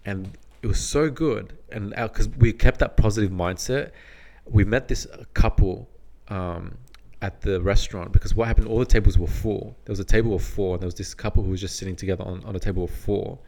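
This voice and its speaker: A man's voice: on the low side, fairly quick, hardly any pauses, darkish tone. A man co-hosting a podcast, telling a story in a casual, rambling way with frequent restarts. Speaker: podcast co-host.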